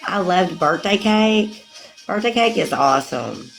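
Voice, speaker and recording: A woman's voice: on the low side, animated, measured pace, creaky, faint music behind, low-quality recording. A woman rambling casually to her viewers on a live stream, laughing often. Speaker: livestreamer.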